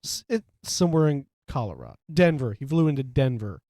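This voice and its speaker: A man's voice: mid-range voice, big pitch swings, fairly quick, vocal fry, dark tone, no echo, studio quality. A man co-hosting a podcast, chatting casually about a film and rambling with lots of fillers. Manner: rambling, leans heavily on "like" and fillers. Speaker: podcast co-host.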